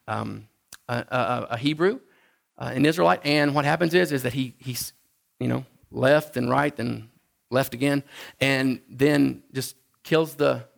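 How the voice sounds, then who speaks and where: A man preaching a sermon in a conversational, halting way, often restarting his sentences. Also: vocal fry. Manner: acts out the Bible figures in a higher voice. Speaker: pastor.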